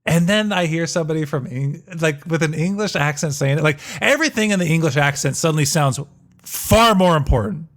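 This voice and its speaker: An American man co-hosts a casual movie podcast, excitable and rambling, tripping over repeated words. His voice sits somewhat high. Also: fairly quick. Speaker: podcast co-host.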